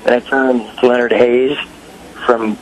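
A middle-aged man telling stories in casual chat, animated, acting out quotes in raised voices. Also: mid-range voice, measured pace, a little hiss or hum, poor audio. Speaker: guest musician.

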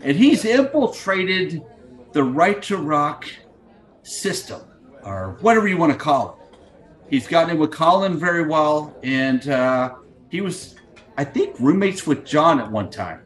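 Middle-aged male podcast host, scatterbrained and crude, animated delivery, slightly high voice, video call mic. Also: measured pace. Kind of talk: casual rambling monologue.

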